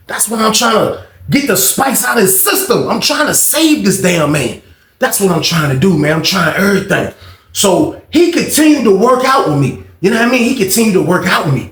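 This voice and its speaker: A man telling a prison story in a casual storytime vlog, animated and profane, swinging from shouting to hushed. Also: high voice, creaky, echoey room.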